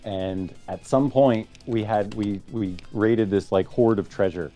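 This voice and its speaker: A man's voice: on the low side, unhurried, mellow, faint music behind. A man telling a rambling, self-mocking anecdote in casual chat on a stream.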